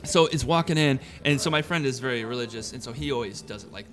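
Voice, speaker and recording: Fast-talking rambling male comedian. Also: mid-range voice, fairly bright tone, faint music behind. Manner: rambling, acts out quotes of people. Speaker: guest comedian. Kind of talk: casual podcast storytelling.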